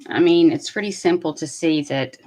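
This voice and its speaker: Woman, lowish voice, chatty commentary, lots of um and uh. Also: moderate pace, a little mellow. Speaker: commentary host. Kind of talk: casual commentary chat.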